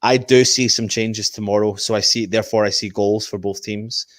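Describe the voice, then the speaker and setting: A man's voice: lowish voice, moderate pace, dry recording, clean studio sound. A man hosting a casual fan live stream, reading viewer comments and making match predictions. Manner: animated, reads out viewer comments.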